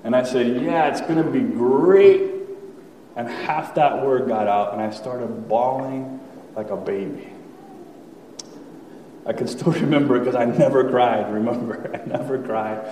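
A man in his thirties telling his personal testimony to a church congregation, candid and conversational, with fillers and soft laughs. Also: medium pitch, steady tone, unhurried, a little hiss or hum. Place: church sanctuary. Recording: echoey hall, voice from far off.

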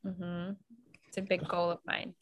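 A woman's voice: lowish voice, monotone, a little slow. An American woman hosting a podcast, chatting casually and laughing often. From United States. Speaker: podcast host. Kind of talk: casual chat.

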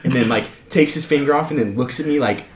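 A man's voice: mid-range voice, fast. A young man casually telling work stories on a podcast, acting out the people he quotes. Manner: animated storyteller acting out quotes. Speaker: podcast co-host. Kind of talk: casual storytelling chat. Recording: echoey room with loud noise.

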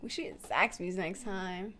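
A woman co-hosting a casual podcast, animated and laughing a lot, with playful protests. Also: mid-range voice, moderate pace, a little hiss or hum. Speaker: podcast co-host. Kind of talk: casual chat.

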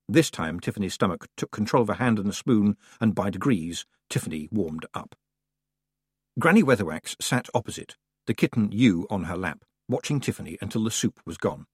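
Lively husky male audiobook narrator. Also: fairly low pitch, normal speed, dry recording, clean studio sound. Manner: expressive, playful storytelling.

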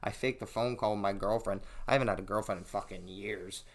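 A man's voice: lowish voice, a little fast. Profane man telling a wild story. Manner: profane, animated storytelling, acts out quotes. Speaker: podcast host. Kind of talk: casual storytelling.

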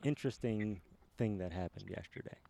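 Low-voiced dry man. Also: a little fast, creaky, warm tone. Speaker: podcast host. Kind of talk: casual remote chat. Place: outdoors in a city park. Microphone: handheld microphone.

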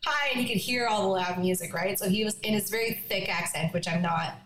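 A young woman from Newfoundland, Canada, guest on an interview podcast, telling her story in a lively, chatty way with quick asides. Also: medium pitch. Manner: animated, laughing, quick asides. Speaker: guest, country singer-songwriter. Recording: echoey room, faint noise.

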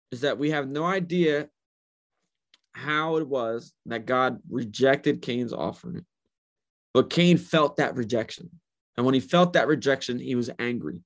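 A male pastor preaching a sermon, often repeating phrases and checking in with "right?", and voicing God in casual everyday words. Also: medium pitch.

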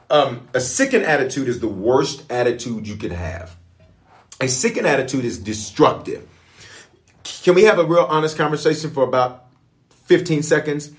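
A man preaching as a pastor, in a lively call-and-response sermon style. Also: mid-range voice. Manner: call-and-response, animated, playful.

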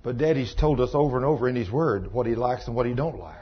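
A husky-voiced man preaching a sermon, his delivery climbing into loud, emphatic exhortation. The recording is dull and lo-fi, with the top end muffled. He talks at an everyday male pitch, plain and direct. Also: quick pace.

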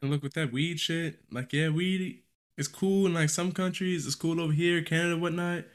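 A man with a slightly raised voice jokes through a casual podcast conversation. He laughs often, swears freely, and breaks into quick bursts when excited. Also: on the high side. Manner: joking, laughs often, profane, bursts of fast talk. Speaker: podcast co-host.

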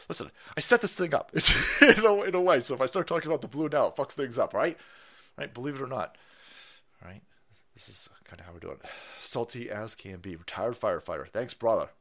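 A man's voice: mid-range voice, expressive, brisk, fairly bright tone. A man hosting a casual ranting live stream, profane and mocking, laughing often and putting on silly voices. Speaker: political stream host.

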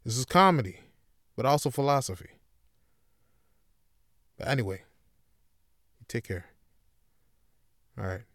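A man hosting a solo podcast, rambling through a profane comedic monologue that swings between loud bursts and low mutters. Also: animated, measured pace, long pauses, dry recording, studio quality. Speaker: podcast host.

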